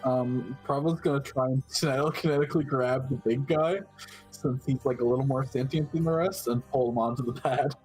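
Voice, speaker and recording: A man's voice: medium pitch, steady tone, moderate pace, darkish tone, husky, soft background music, rough recording. A man at a tabletop game, speaking hesitantly with fillers. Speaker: player.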